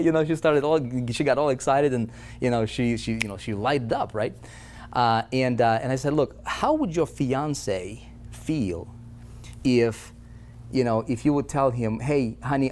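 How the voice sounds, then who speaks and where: Guy pitching a money-making system, keeps asking "right?", faint hum behind. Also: darkish tone. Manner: persuasive, peppered with "right?" and "you know". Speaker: online business presenter. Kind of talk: motivational sales pitch.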